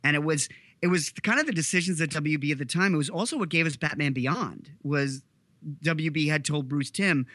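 Man co-host, bright forceful voice, dry close sound, eager storyteller. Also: on the high side, brisk, no echo. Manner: enthusiastic storyteller, laughs between points. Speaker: podcast co-host. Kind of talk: casual chat.

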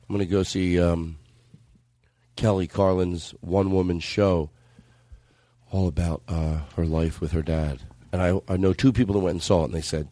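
A man's voice: sits low, fairly even intonation, moderate pace, mellow, dry recording. A man hosting a podcast in casual comedic banter, joking and profane with a rambling manner. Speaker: podcast host.

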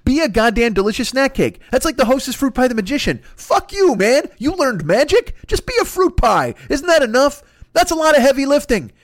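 A man's voice: extremely high pitch, lively intonation, a little fast, no echo, clean studio sound. A man delivering a profane, exasperated comic rant and slipping into mock voices. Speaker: comedian. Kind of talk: improvised comedic rant.

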